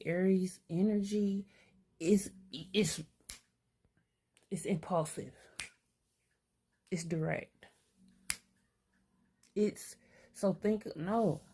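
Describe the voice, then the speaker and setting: An older woman with a low, deep voice, talking straight to camera as she works through her own thoughts. She is blunt and streetwise, curses easily, and sometimes talks to herself aloud. Her speech is candid and unscripted. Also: very slow, long pauses, dark tone, breathy edge. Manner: swears freely. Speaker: vlogger. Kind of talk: candid self-reflective monologue.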